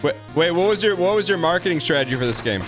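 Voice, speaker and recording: A man's voice: on the high side, lively intonation, quick pace, fairly bright tone. Chatty man streaming a game, faint music. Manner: chatty, repeats phrases, talks straight to his viewers. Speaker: live-streaming gamer host. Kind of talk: casual live-stream chat while gaming.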